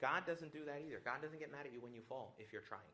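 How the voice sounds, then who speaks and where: Animated joking priest giving a retreat talk. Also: male voice, mid-range voice, quick pace. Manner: joking and animated, acts out little voices. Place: retreat hall with audience.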